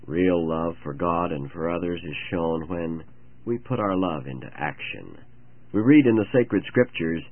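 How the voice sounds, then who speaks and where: A man's voice: deep voice, a little slow. A man hosting a devotional radio program, telling a story and reading scripture in an earnest manner on a narrow-band old broadcast. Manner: earnest, storytelling, expressive intonation.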